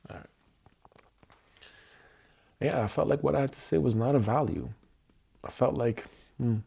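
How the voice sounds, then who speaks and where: A man hosting a tapping livestream, speaking slowly and candidly about his past feelings in a personal, reflective way. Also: mid-range voice, gravelly, warm tone, breathy edge. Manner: slow, candid, searching self-reflection. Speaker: EFT tapping livestream host. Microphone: livestream mic.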